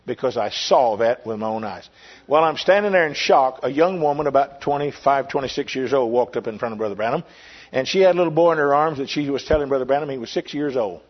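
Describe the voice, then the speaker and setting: Older pastor telling a testimony, lo-fi. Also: male voice, fairly high pitch, slightly rough. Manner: earnest storytelling with repetitions and pauses. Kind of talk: sermon testimony. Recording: lo-fi dull recording.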